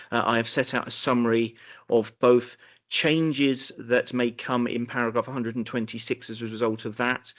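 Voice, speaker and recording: A man, a council finance officer, giving a formal budget briefing in a quick manner with dry humour, in a council meeting room. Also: mid-range voice.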